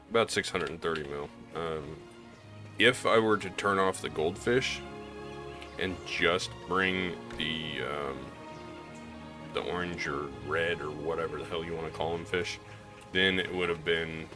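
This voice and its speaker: A man from Missouri with a slight Southern drawl, talking candidly in a rambling gaming vlog, with many restarts. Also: deep voice. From Missouri, US Midwest. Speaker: gaming YouTuber. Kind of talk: casual gaming vlog commentary.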